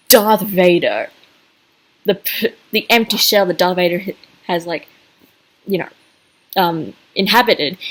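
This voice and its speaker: A woman's voice: mid-range voice, rough recording. A woman giving a casual video review as a fan, gushing and rambling with many fillers and restarts.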